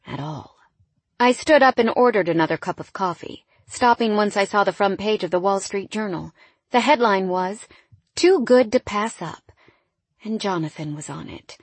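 A woman narrating a first-person romance audiobook in an intimate, wistful way that often drops quiet. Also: mid-range voice, normal speed, husky, no room sound.

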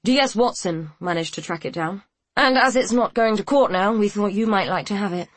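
A woman voicing a patient male police detective who speaks cautiously and in a measured way. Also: medium pitch, dry recording, natural voice. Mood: gentle.

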